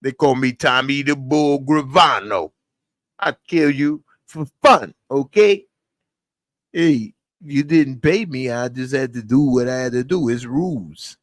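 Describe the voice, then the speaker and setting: A man's voice: medium pitch, unhurried, no echo, studio quality, close to an everyday voice. A man imitating a cold, boastful old-school gangster who talks in a swaggering tough-guy way.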